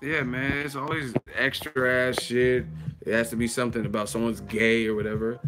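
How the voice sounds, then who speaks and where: A grown man streaming live, ranting bluntly and profanely about boxing, with mocking asides in a high sneering voice. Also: little pitch movement, moderate pace, noisy background. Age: adult. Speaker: boxing commentary livestreamer. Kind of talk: casual livestream rant.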